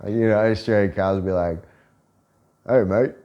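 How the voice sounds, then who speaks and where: A man's voice: fairly low pitch, fairly even intonation, fast talker, muffled recording, slight background noise. A man telling a story in a casual, profane, joking way and laughing often. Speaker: vlogger.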